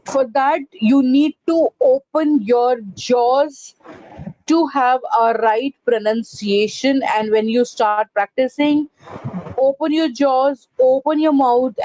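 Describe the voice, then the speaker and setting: A woman's voice: a little high, dark tone. A woman leading an online pronunciation training session, explaining step by step with frequent "uh, you know" and "right?" checks. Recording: dull lo-fi recording.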